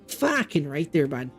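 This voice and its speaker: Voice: mid-range voice, full character voice. Brief: streamer doing a crude Canadian dude, swaggering, put-on accent, faint music behind. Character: brash slangy Canadian guy.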